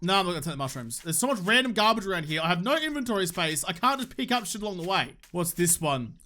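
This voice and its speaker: Young Australian man, high bright voice, casual sweary let's-play banter. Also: very animated, fast. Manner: joking, swears freely, talks to the game. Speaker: gaming YouTuber.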